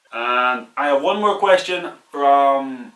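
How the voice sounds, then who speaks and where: Irish man with a bright, roomy voice. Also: medium pitch, animated, very slow, recorded from a distance. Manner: candid and chatty, laughs at himself. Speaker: YouTuber answering viewer questions. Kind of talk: casual Q&A vlog.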